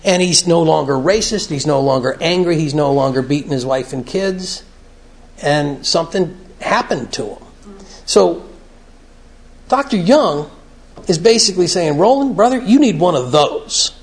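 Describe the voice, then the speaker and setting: A man shares at an evening recovery meeting in a plain-spoken, earnest way, telling stories as he goes. His voice sits a little high and carries a rough, gravelly edge. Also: expressive, a little slow. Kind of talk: conversational talk at a recovery meeting. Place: meeting room, evening gathering.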